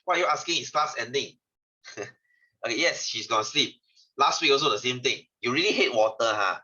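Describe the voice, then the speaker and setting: In an online science lesson heard through dull, lo-fi video call audio, a Singaporean English-accented male tutor talks a little fast. His mid-range voice is expressive with a sharp tone, and he's chatty, teasing students and often ending lines with "lah."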